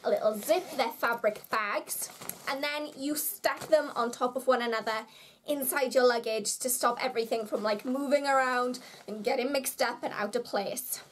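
A young woman from the UK talks through her shopping haul in a casual, chatty vlog. Her voice sits high, and she comes across as bubbly and quick to poke fun at herself. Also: a bit bright, slight background noise. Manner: bubbly, chatty and self-mocking. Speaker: vlogger.

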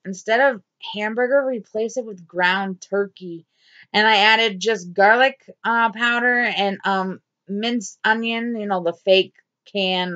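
This angry diary vlog features a woman addressing the camera directly, swearing, blunt, and going over the same points again and again. She has a medium-pitched, sharp-toned voice on dull-sounding audio.

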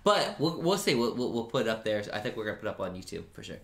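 A man co-hosting a reaction video, chatting casually in an excitable, rambling way. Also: fairly low pitch, vocal fry. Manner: excitable, rambling, quick talker. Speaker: reaction channel co-host. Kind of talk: casual chat.

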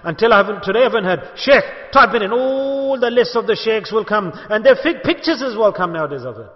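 High-voiced man preaching in an echoey hall. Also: very animated, quick pace. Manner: emphatic, asks rhetorical questions and calls for responses. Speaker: sheikh giving a sermon. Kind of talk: sermon to a gathering. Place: mosque gathering hall in Bolton. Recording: echoey hall, dull lo-fi sound.

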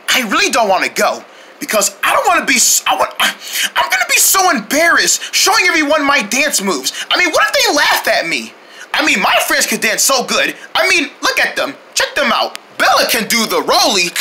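Cartoon lead: shy goofy young guy, performer-voiced, chatty and self-doubting, bright tone, lively ups and downs. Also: medium pitch, a little hiss or hum, full character voice. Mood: nervous. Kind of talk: cartoon acting.

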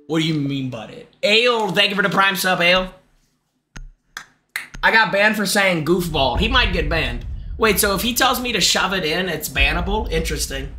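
A young male streamer with a high, piercing, tense voice, reacting to his game in bursts of excitement. He talks straight to his chat and often shouts. Faint music plays behind him. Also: normal speed, pauses often. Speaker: gaming streamer. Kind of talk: live game commentary.

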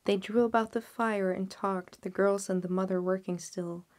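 Soft-spoken woman storyteller. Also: mid-range voice, fairly even intonation, normal speed. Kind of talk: audiobook narration.

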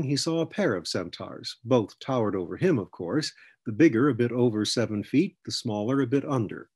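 A man narrating an audiobook in a steady storytelling manner. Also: mid-range voice, slightly rough. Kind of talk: scripted narration.

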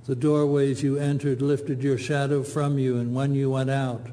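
Brief: male poet at a reading, low-key dark tone, flat measured delivery. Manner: slow, measured, even recitation. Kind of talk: poetry reading.

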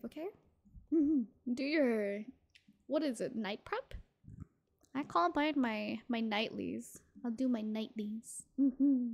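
Young female streamer, high-pitched, giggly and chatty, casual stream talk. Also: moderate pace, darkish tone. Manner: bubbly, giggly, greets chat by name. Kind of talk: casual game-stream chat. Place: small room with thin walls, indoors.

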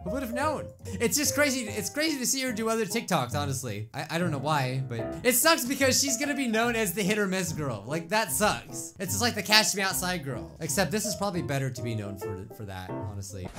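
An excitable man chats through a try-not-to-laugh reaction. His voice swings widely in pitch as he laughs and shouts. Clear background music plays under his talk. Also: fairly quick, hardly any pauses. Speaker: YouTube host reacting to clips. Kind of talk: casual reaction commentary.

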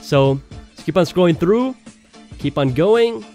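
An excitable man talks through a casual tech walkthrough, laughing often. His voice sits a little high, with faint music playing underneath. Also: a little slow. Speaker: tech video host.

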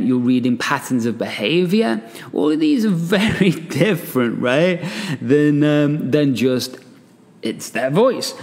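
A man's voice: a little high, big-room sound. A man hosting a solo podcast, talking casually and reading an article aloud with chatty asides and frequent "right?". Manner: animated, chatty, laughs often, asides with "right?". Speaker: podcast host and coach.

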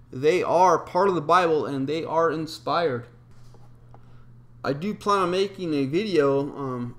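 A man's voice: on the high side, fairly bright tone. Methodical man explaining number patterns. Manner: methodical, recites numbers and scripture with filler ums. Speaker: video presenter. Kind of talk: explanatory monologue.

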